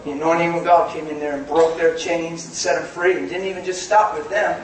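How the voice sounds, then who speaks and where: A man preaching a sermon in a folksy way, laughing often and rising to shouts. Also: fairly high pitch, fairly even intonation, fairly quick, a little hiss or hum. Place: church hall. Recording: echoey hall from far off.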